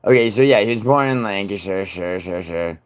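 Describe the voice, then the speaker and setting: A man hosting a livestream, chatting casually and profanely with viewers, rambling and then turning loud and insistent. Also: on the low side, fairly quick, clear, resonant tone. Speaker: livestream host.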